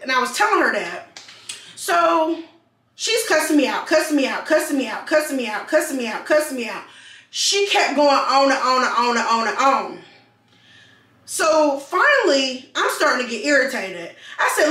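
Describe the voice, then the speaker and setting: Animated high-voiced woman telling a story. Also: moderate pace, recorded from a distance. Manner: animated, repeats phrases for emphasis. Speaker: vlogger. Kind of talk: storytime vlog. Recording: roomy sound, mic set back.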